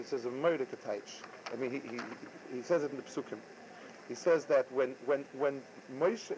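A man giving a Torah lecture, halting and often repeating his words. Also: a little high, darkish tone, slight background noise. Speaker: rabbi. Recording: dull lo-fi recording.

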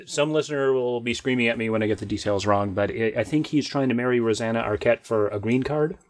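A man's voice: medium pitch, fast talker. A man co-hosting a podcast, recounting a film plot in casual chat with dry, self-deprecating humor. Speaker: podcast co-host.

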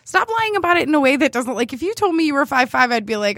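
A woman's voice: sits high, fast talker, no echo, clean studio sound. A woman casually telling a dating story, laughing often and acting out what people said. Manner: animated, laughs often, acts out quoted lines. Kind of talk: casual chat, storytelling about a date.

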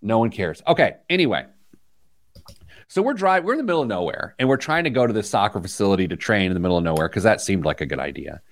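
A man hosting a talk show, telling a story with lively energy and playful asides. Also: on the low side, quick pace. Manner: animated storytelling, mimics voices with laughter. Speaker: podcast host. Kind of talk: casual chat.

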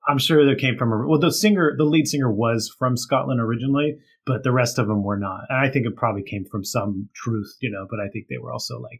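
Male guest, husky, chatty storyteller with lots of fillers. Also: mid-range voice, quick pace, hardly any pauses. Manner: storytelling, laughs often, many fillers. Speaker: author and guest. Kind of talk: casual chat.

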